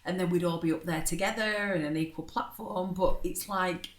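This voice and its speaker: A woman's voice: fairly low pitch, fairly even intonation, moderate pace. A woman co-hosting a casual podcast chat, laughing often. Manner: giggly, lots of laughter. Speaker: podcast co-host. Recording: echoey room.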